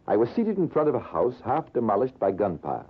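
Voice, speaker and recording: A man playing a British army major telling a tale in a dramatic, measured 1940s radio style, with a husky voice. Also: medium pitch, sing-song. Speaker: storyteller. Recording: narrow lo-fi old radio broadcast.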